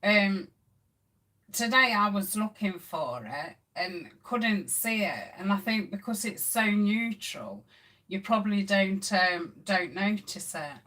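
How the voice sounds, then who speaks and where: A woman's voice: mid-range voice, lively intonation, slow pace, sharp tone. A middle-aged woman hosting a casual craft live stream, chatting with viewers and reading their comments with plenty of ums. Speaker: craft channel host.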